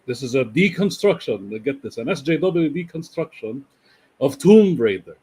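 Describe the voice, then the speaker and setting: A man with a husky voice explains things in a sardonic tone during a casual online chat. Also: medium pitch, big pitch swings, moderate pace, mellow.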